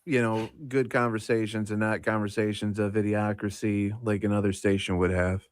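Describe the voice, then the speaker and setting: A man's voice: fairly low pitch, flat delivery, normal speed, clean tone, no room sound, studio quality. A man co-hosting a sports radio show, confidently making bold declarations and bets. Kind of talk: casual sports talk debate. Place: radio studio.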